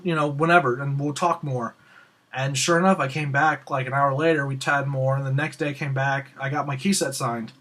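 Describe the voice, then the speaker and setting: A young man hosting a casual Q&A show, telling a rambling, excitable story and acting out the lines of the people in it. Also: mid-range voice. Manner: excitable, rambling, acts out quoted dialogue. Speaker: host of a Q&A show.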